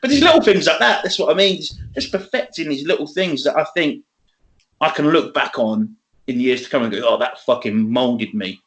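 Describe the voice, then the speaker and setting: A man's voice: on the high side, expressive, fairly quick, a bit bright. A man, rambling in casual chat as a podcast co-host, swearing often and laughing. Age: 20s.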